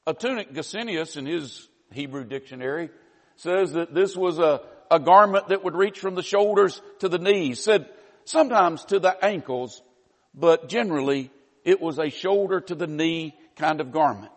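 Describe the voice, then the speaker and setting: A man's voice: fairly high pitch, normal speed. A man preaching a sermon, teaching in a conversational way with wry asides. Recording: long reverb of a large hall.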